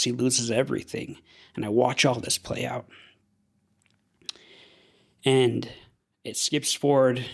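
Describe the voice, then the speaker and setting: A young man from Idaho, a podcast guest, telling a personal story in an earnest, halting way with frequent restarts. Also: mid-range voice, vocal fry.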